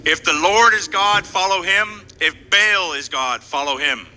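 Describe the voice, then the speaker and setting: A man playing a bold prophet in a live church skit, repeating lines loudly and firmly in a large hall with long echo. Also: high-pitched, a little slow, slight background noise, full character voice. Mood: challenging. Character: bold old male prophet, defiant and mocking.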